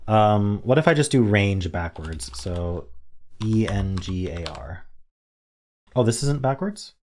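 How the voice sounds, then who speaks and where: A man's voice: on the low side, animated, slow, a little mellow, a little hiss or hum. A young man casually thinking aloud while playing word puzzles, muttering guesses and mock-dramatically groaning at his mistakes. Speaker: word game streamer.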